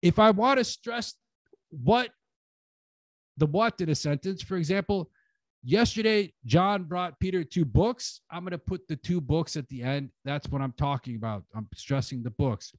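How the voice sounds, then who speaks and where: A man's voice: fairly high pitch, moderate pace, no room sound. A man giving a casual conference lecture as a language teacher, speaking bluntly with joking, slangy phrasing. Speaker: conference lecturer and English lector.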